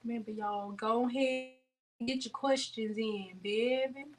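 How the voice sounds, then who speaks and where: A woman's voice: on the high side, fairly even intonation, a little slow, recorded from a distance. A woman hosting a beauty livestream, talking bluntly and preachily to her viewers, repeating her points. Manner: blunt, preachy, fond of repetition. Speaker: beauty channel host.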